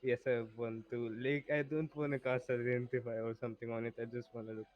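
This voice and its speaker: A man's voice: mid-range voice, little pitch movement, fairly quick, muffled recording. A man playing a tabletop game, answering bluntly and matter-of-factly. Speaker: player.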